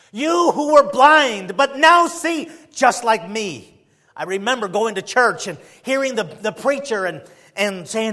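A male preacher delivering a sermon, full of rhetorical questions and swinging between loud emphasis and quiet passages. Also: high voice.

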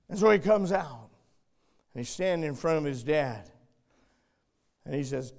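An older man preaching a sermon as a pastor, telling a family story and swinging from emphatic loud lines to hushed ones. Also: a little high, normal speed, gravelly, pauses often.

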